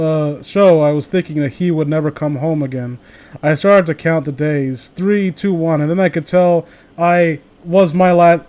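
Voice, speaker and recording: Young male host, high voice, sarcastic, profane, comedic read-through. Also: dark tone, smooth. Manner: sarcastic, swears, laughs, mock voices for quotes. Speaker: host reading fan fiction aloud. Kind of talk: casual comedic reading and commentary.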